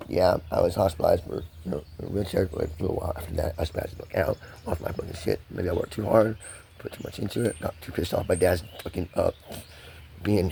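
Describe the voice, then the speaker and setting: Low and full of vocal fry, this American man's voice carries a slight hiss or hum. His vlog monologue to the camera is fast, pressured and rambling, with swearing in almost every sentence.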